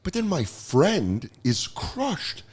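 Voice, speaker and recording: A podcast host trading stories with a guest, his pitch swinging widely as he talks. He slips into other people's voices for quick impressions, keeping things loose and comic. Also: breathy edge. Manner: animated storyteller, acts out quoted people with voices. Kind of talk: casual comedic chat.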